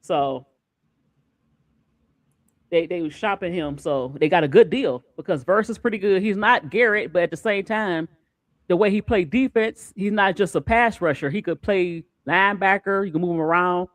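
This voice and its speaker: Animated high-voiced man talking sports. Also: normal speed, dry recording. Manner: animated, repeats words when excited. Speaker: show host. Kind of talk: casual sports talk stream.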